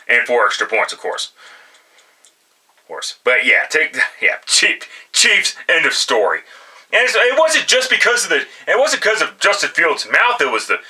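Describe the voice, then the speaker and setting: A man's voice: medium pitch, pushed and bright, low-quality recording. A man giving blunt, profane football picks in casual solo commentary, often restarting his sentences. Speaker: sports picks vlogger.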